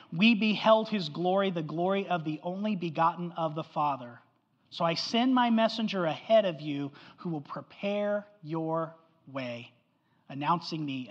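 A male pastor preaches a conversational sermon, tossing in quick tag questions to the room. His voice carries a long reverb tail, like a big sanctuary, and the recording sounds dull and muffled. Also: sits high, fairly bright tone. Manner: conversational preaching, keeps asking "right?".

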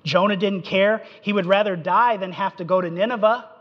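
A high-voiced man speaks at normal speed through an expository sermon, animating the story and dramatizing each quote. It's a dull-sounding recording in an echoey hall.

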